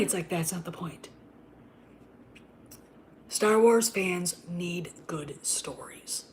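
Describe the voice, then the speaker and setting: A woman host ranting in casual commentary, profane and emphatic, often dropping into a harsh whisper before surging back loud. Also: on the low side, takes it slowly, a little hiss or hum. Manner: profane, emphatic, repeats itself; drops to an unvoiced whisper and back.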